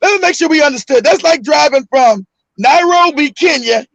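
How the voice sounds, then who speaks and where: A man's voice: very high-pitched, animated, moderate pace, gravelly, a bit bright, no echo, lo-fi sound. A middle-aged man, telling a story casually, laughing a lot, swearing, and raising his voice at the punchlines. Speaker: host.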